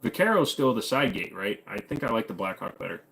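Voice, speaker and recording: A man's voice: on the low side, sing-song, fairly quick, gravelly, fairly bright tone. An American man hosting a casual live stream, reading viewer comments and answering in a laid-back, joking way with plenty of "uh" fillers. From United States. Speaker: host.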